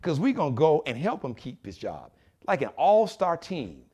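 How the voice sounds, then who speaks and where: An animated man hosts his own live show, talking with preachy conviction. His voice sits a little high and swings widely in pitch. He acts out other people's voices as he goes. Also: moderate pace, breathy edge. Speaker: show host.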